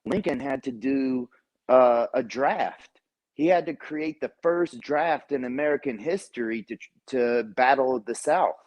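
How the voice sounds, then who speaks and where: A man's voice: medium pitch, measured pace, darkish tone, rough recording. Caller: man, mid-range voice, lecturing, filler-heavy, argumentative. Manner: lecturing, many fillers and restarts. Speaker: caller on a livestream. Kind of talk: casual argumentative chat.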